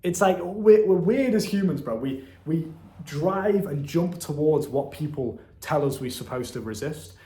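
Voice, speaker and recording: A man's voice: fairly high pitch, expressive, measured pace, dark tone, roomy sound. A young man in his twenties giving a blunt, profane motivational monologue to the camera, calling the listener "bro.". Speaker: self-help content creator.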